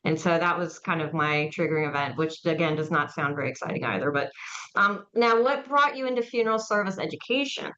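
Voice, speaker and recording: A woman's voice: low-pitched, lively intonation, fairly quick, fairly bright tone, highs cut off. A woman hosting an interview, talking casually and rambling with plenty of fillers. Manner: chatty, rambling, with many fillers. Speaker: podcast host and mortuary educator.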